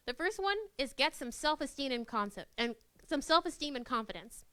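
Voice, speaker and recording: A high-pitched young woman gives a live workshop talk to students. She is animated and playful and slips into quoted voices to act out scenes. Her voice sounds close and dry, with almost no room echo. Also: fairly quick, clean tone. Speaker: workshop presenter. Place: university classroom.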